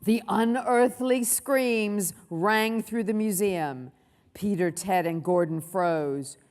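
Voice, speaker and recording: A woman author reading a story aloud to a big audience of children in a large hall, expressive and full of sound effects. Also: medium pitch, slow. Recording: long hall reverb.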